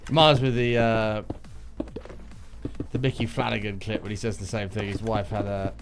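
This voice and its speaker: A man's voice: on the low side, little pitch movement, normal speed, gravelly, music in the background. A man chatting casually and swearing freely while streaming a video game, talking to his viewers. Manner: chatty, sweary, jokey, talks to chat. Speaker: livestreamer playing a video game. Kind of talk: casual gaming stream chat.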